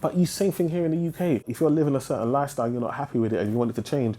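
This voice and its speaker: Fast-talking British man, mellow voice. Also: medium pitch, slight background noise. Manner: animated, slangy, emphatic. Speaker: interviewee, investor. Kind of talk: casual podcast conversation.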